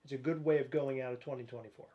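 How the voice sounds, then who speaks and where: A man's voice: medium pitch, steady tone, racing, highs cut off, crowd noise. A man hosting a casual livestream, playful and jokey. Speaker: livestream host.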